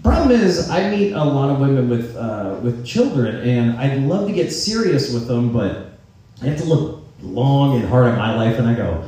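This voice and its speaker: Man, podcast host, casual rambling, profane, self-mocking, mellow tone, echoey room. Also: medium pitch, very animated, moderate pace. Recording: roomy echo, distant from mic.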